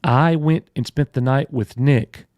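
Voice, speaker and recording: On a casual live stream, a male co-host with a mid-range, darkish voice speaks unhurriedly in a room with no echo. He's friendly, tells stories, and thanks viewers in the chat by name.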